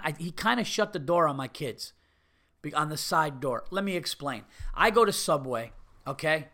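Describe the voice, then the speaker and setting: A man's voice: medium pitch, a bit bright. A man hosting a podcast, telling a story as a profane, exasperated rant and acting out both sides of a conversation. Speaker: podcast host.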